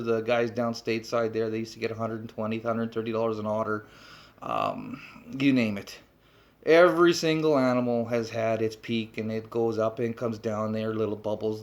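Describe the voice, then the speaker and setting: A man holds forth to camera in a blunt, animated way, swearing freely. He tags his points with rhetorical questions and talks like an instructor who has said it all before. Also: mid-range voice, vocal fry. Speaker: trapping instructor. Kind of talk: blunt off-the-cuff talk to camera.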